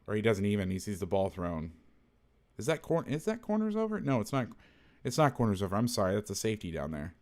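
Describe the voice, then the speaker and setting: A man's voice: fairly low pitch, wildly swooping pitch, fast, a little mellow. A man who coaches football, talking casually through game film, blunt and salty, thinking aloud and correcting himself as he goes.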